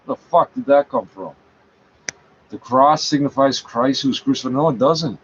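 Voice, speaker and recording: A man's voice: medium pitch, fairly even intonation, moderate pace. A man reading a page aloud and talking back to it, scornful, correcting it and swearing often. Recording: dull lo-fi sound, faint background noise.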